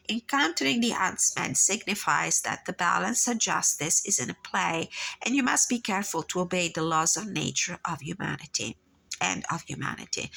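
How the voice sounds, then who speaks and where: A woman with a congested, nasal voice talks through a personal tarot reading in a calm, reflective way. Her voice sits a little low and has a gravelly fry, yet it sounds bright and crisp on top. She reads guidebook passages aloud at an unhurried pace, often pausing on fillers. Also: low-quality recording. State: congested, nasal from blocked sinuses. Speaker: tarot reader and channel host.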